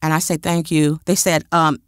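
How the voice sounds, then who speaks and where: A woman's voice: low voice, moderate pace, slight background noise. A woman guest telling a story with energy, acting out the voices of people she quotes. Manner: expressive, acts out quoted dialogue. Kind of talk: animated storytelling.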